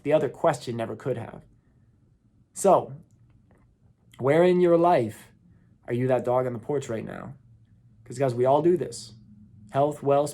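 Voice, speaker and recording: A man's voice: mid-range voice, dark tone. A man in his thirties, hosting a motivational talk and telling a story, earnest, with small voice shifts when he quotes people. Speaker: motivational speaker.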